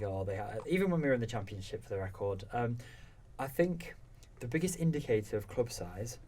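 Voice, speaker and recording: Young male co-host, halting restarts, opinionated, faint background ambience. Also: medium pitch, animated, darkish tone, recorded from a distance, a little hiss or hum. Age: young adult. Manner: hesitant restarts, then opinionated bursts. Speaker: podcast co-host. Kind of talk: casual football chat.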